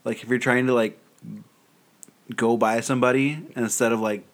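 A man's voice: medium pitch, flat delivery, moderate pace. A man co-hosting a podcast in a casual chat, asking curious questions and laughing easily. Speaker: podcast co-host.

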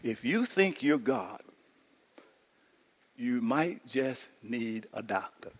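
A man preaching a sermon as pastor, emphatic, swinging from hushed lines to shouted ones. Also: mid-range voice, expressive, slow pace, slight background noise. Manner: emphatic preaching, drops to near-whisper and rises to shouts. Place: church sanctuary. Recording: long hall reverb.

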